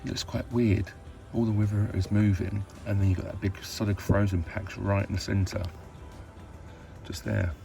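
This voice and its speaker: Man, British accent, gravelly voice, cheeky chatty vlogger, faint background music. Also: on the low side, little pitch movement, moderate pace, mellow. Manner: chatty and cheeky, laughs often, mild swearing. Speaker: narrowboat vlogger. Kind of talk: casual vlog chat.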